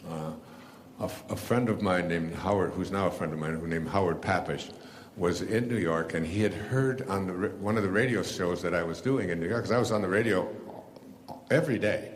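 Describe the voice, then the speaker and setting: An older man with a very low voice tells a loose, meandering story to a live audience, stopping and restarting often. A faint hum of ambience sits under him. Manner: rambling, many fillers and restarts. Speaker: author and speaker.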